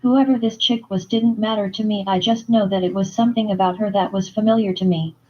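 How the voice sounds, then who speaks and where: A woman reading a romance novel aloud in first-person narration, plain and steady. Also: mid-range voice, a little fast, highs cut off. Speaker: audiobook reader.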